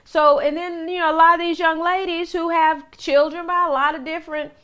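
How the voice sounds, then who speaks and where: High-voiced woman minister teaching. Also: fairly even intonation, fairly quick, sharp tone, lo-fi sound. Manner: talks to listeners with rhetorical questions and restarts. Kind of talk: conversational Bible teaching.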